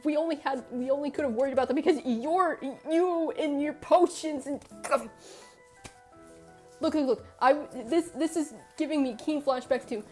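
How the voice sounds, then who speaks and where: High-voiced excitable woman streamer ranting. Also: brisk, hardly any pauses, faint music behind. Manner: excitable ranting, laughs and swears. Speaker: streamer reacting to a game. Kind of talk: live-stream reaction chat.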